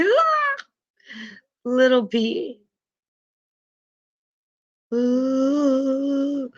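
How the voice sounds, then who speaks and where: A woman's voice: on the high side, pushed and bright, dull audio. A woman teaching a class, patiently explaining and often checking in with her students.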